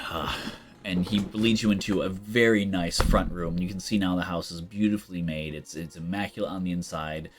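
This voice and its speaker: A man's voice: deep voice, steady tone, normal speed, few pauses. A man running a tabletop game as game master, narrating loosely with lots of fillers. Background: faint background music.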